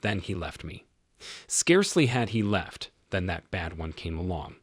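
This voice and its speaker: A man reads as a devout young woman mystic, recounting her trials in first person. The voice is low and husky, solemn and steady. It sounds close and dry. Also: a little slow, dry recording, full character voice.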